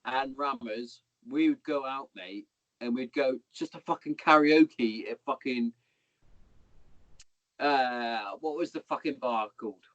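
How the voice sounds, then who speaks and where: A man's voice: mid-range voice, unhurried, fairly bright tone, no room sound. A man, a podcast guest rambling through army anecdotes in casual chat, swearing a lot and calling the listener "mate". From Hereford, England. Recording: dull lo-fi podcast audio.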